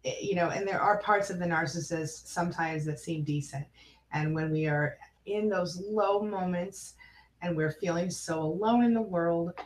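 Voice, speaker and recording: A woman hosting a live coaching stream, chatting with viewers and reading their comments aloud in a warm, familiar way. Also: fairly low pitch. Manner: warm, chatty, calls viewers girl and honey. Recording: echoey room.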